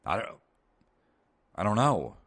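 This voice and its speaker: A man's voice: on the low side, very animated, slow pace, fairly bright tone, full character voice. A man voicing a dim, eager man who stumbles earnestly over his words and is proud of his catchphrase.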